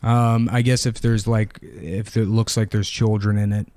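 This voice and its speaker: A man with a crisp, smooth voice rambles through crude comic riffs in loose podcast banter. The sound is dry and close, with no room around it. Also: fairly low pitch, level tone, moderate pace, darkish tone, dry recording. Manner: crude, rambling, punchline-driven. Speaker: podcast co-host. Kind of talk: casual comedic chat.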